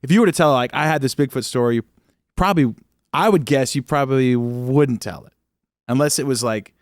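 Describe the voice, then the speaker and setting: A man's voice: medium pitch, brisk, no echo. Male podcast co-host, joking, loose conversational delivery, dry studio sound. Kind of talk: casual podcast chat.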